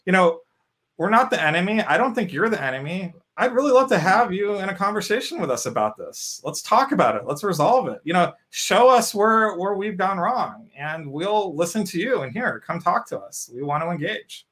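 A man's voice: high-pitched, sing-song, normal speed, fairly bright tone. A man hosting an interview, talking in a chatty, upbeat way full of "you know" and "um" fillers. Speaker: show host. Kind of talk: casual interview chat.

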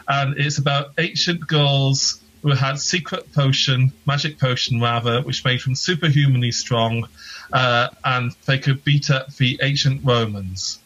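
A man's voice: medium pitch, fairly even intonation, a little slow, a bit bright, lo-fi sound. A man, a podcast guest chatting casually with dry, self-deprecating humour. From England. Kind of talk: casual interview chat.

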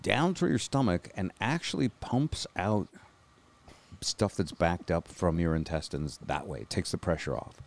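A man's voice: deep voice, normal speed. A man hosting a podcast from a hospital-type bed, telling a rambling, self-deprecating story and acting out the lines of the people in it. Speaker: podcast host. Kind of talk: casual storytelling chat. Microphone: unfamiliar microphone.

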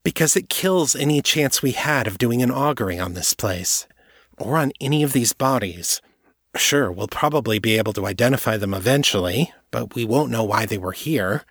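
A man's voice: mid-range voice, lively intonation, normal speed, a bit bright, slightly rough, no echo, clean studio sound. A man voicing a frustrated female magic investigator in an audiobook, sour and clipped. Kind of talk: audiobook character voice.

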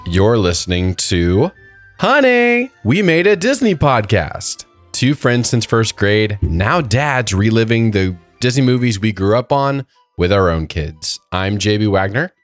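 A man co-hosting a casual chat podcast, his voice lowered by a cold, rambling through stories with lots of fillers. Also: sing-song, measured pace, faint music behind. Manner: rambling storytelling with many fillers. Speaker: podcast co-host.

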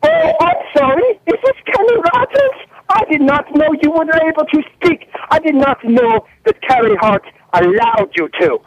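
A man's voice: very high voice, huge pitch swings, moderate pace, full character voice. A man calling in on the phone, putting on a grandiose fake Italian boss who makes threats in broken English. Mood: gloating. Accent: put-on Italian. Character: boastful Italian-accented male team boss caller. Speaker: prank caller. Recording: phone line.

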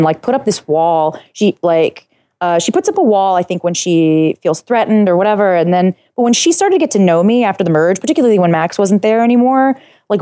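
Mellow-voiced woman rambling excitedly. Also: mid-range voice, no room sound. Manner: excitable, rambling, many fillers and restarts. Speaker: guest. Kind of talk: casual interview chat.

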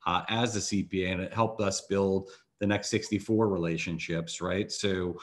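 A man with a fairly low voice hosts an interview as a financial advisor. He asks long, winding questions and keeps restarting. His talk is padded with "you know" and "um". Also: steady tone, moderate pace. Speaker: financial advisor, podcast host.

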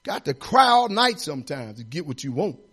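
A man's voice: on the high side, sing-song, a little fast, fairly bright tone, breathy edge. A man pastor preaching a sermon in a folksy, repetitive, exhorting way, building emphasis as he goes.

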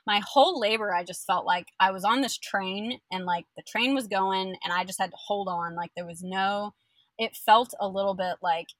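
A young woman telling her birth story in casual chat, animated and full of fillers, acting out the people she quotes. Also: mid-range voice, normal speed, no room sound.

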